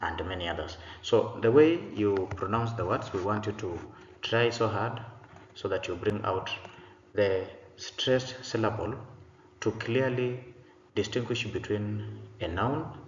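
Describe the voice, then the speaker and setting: A man teaching an English pronunciation lesson, speaking slowly and deliberately and saying each example word twice. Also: on the low side. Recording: roomy, dull sound with faint noise.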